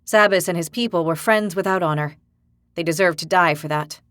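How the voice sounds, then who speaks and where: A woman narrator reading a fantasy audiobook in a steady storytelling manner. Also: on the low side, a little fast, dry recording. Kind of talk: scripted narration.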